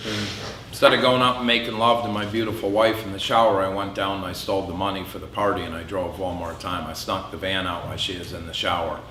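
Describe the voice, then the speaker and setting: A middle-aged man giving a candid personal testimony speech at an event, telling a hard story with flashes of dark humor. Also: deep voice, level tone, quick pace, a little hiss or hum. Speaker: public speaker. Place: event hall. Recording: echoey hall with faint ambience.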